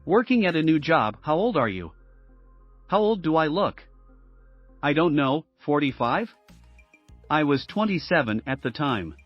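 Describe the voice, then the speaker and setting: A man reading out story posts in a steady, even narration. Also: fairly high pitch, a little slow, dry recording. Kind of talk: scripted narration of reader posts. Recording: dull lo-fi sound with faint music.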